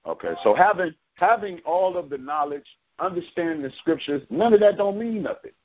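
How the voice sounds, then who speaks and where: A man's voice: sits high, big pitch swings, brisk, slight background noise. A man leading a conference-call bible study, preaching with repeated phrases for emphasis. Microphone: phone conference call. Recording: dull lo-fi phone call.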